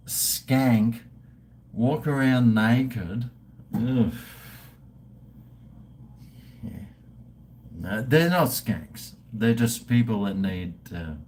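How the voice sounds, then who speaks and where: An Australian man in his fifties drawls through a casual live stream at a slow pace. He jokes crudely and swears freely as he toasts his viewers. Faint background noise sits behind his voice. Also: lowish voice, dark tone. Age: 50s. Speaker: livestream host.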